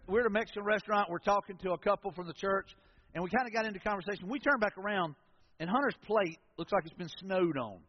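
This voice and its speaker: A dull, lo-fi recording with a touch of hiss or hum captures a high-voiced pastor giving a folksy, conversational sermon. He tells stories as asides, and his voice rings out with long reverb across the big church hall.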